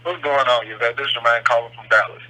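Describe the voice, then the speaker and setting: A man's voice: mid-range voice, fairly even intonation, quick pace, pushed and bright. Young man rambling on a phone line. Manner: rambling, hesitant with fillers. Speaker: caller. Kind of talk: call-in phone conversation.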